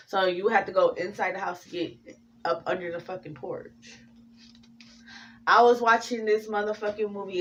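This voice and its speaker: A woman's voice: medium pitch, recorded from a distance, a little hiss or hum. Profane, rambling woman reading tarot. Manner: profane, rambling, animated storytelling. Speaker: tarot reader.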